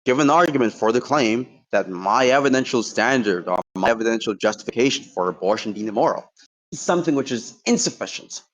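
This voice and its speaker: A man debating heatedly in an online voice chat. He swears freely and trash-talks his opponent while laying out his points step by step. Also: mid-range voice. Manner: combative, profane trash talk.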